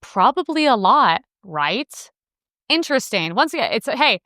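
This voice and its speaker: Brash, sarcastic woman with lively, bright voice. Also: on the high side, measured pace, no room sound, clean studio sound. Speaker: political commentary host. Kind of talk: reacting to news clips.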